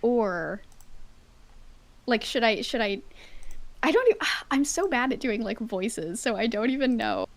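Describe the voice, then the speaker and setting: A woman's voice: fairly high pitch, sing-song, a little slow, long pauses, rough recording. A woman chatting and reading a story aloud with a self-conscious, giggly manner. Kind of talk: casual chat and dramatic reading. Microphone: headphones.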